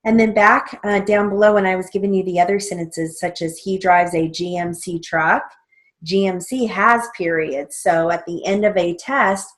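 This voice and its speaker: A middle-aged woman teaching steno theory, dictating sentences slowly and spelling out names letter by letter. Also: fairly low pitch, fairly even intonation. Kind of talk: slow dictation and explanation.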